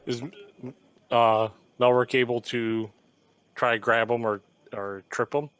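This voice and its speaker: A man playing in an online tabletop game, hesitant and soft-spoken. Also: mid-range voice, flat delivery, slow, clean tone, dry recording. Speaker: player. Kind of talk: casual tabletop play over voice chat.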